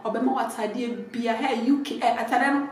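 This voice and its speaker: A Ghanaian woman comedian delivering an animated comic rant that keeps repeating itself in sudden loud bursts. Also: a little high, normal speed, a little hiss or hum. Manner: animated, repetitive, shouty bursts. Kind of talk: comic rant mixing English and Twi. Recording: very echoey room.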